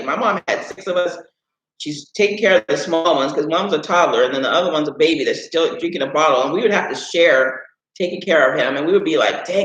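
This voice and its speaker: A man's voice: on the high side, fairly bright tone. Rambling man telling stories, echoey room. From Illinois, USA. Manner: rambling, with frequent "anyways" and "right?". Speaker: live stream host. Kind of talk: casual storytelling. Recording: echoey room, dull sound.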